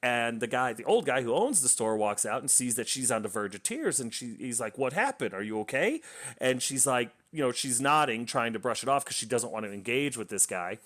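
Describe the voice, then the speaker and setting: A man's voice: medium pitch, animated, fairly quick, few pauses, fairly bright tone. A man reviewing a book, casually retelling its plot in a rambling way with lots of fillers and restarts.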